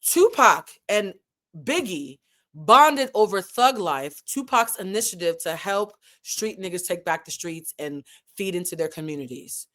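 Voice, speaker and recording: A woman's voice: lowish voice, expressive, a little slow, fairly bright tone. A woman hosting a casual commentary vlog, talking animatedly and with lots of profanity, addressing her viewers directly. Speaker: host.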